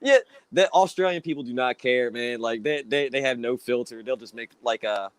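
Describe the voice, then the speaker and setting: A man in his thirties hosts a casual video-call interview, telling animated stories and laughing often. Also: mid-range voice, moderate pace, clear, resonant tone, dry recording. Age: 30s. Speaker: interview host.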